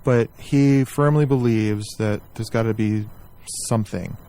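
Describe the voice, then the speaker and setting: A man's voice: on the low side, unhurried, mellow, clear, resonant tone. A man hosting a podcast, chatting casually with his guest and chiming in with short, easygoing remarks. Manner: easygoing, brief agreeing replies. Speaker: podcast host. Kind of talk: casual interview chat.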